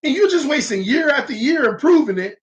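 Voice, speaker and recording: A man's voice: very high-pitched, very animated, a little fast. A man hosting a casual live-stream sports talk show, talking animatedly and straight to his viewers. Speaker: sports channel host.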